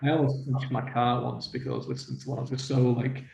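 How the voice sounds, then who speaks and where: A northern English man hosts a podcast, keeping a casual interview chatty and affirming often with frequent yeahs. His mid-range voice is flat, fast, creaky and a little mellow, with a slight hiss or hum. The call audio sounds roomy and dull.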